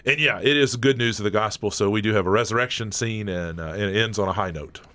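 A man's voice: lowish voice, quick pace, sharp tone, dry recording. A man from North Carolina and Tennessee with a Southern accent, an easygoing theater director talking in a radio interview.

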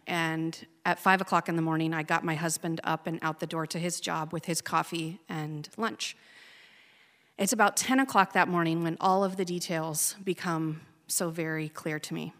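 A woman's voice: fairly low pitch, a bit bright. Woman telling a story in a reverberant hall. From Oregon, USA. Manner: slow, measured, emotional telling. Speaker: speaker telling a personal story. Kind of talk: personal storytelling speech.

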